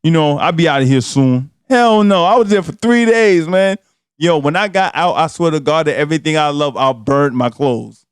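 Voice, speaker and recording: A man, co-hosting a podcast and telling a comedic story in a loud, laughing, slangy way. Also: a little high, normal speed, smooth, dry recording, clean studio sound. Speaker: podcast co-host.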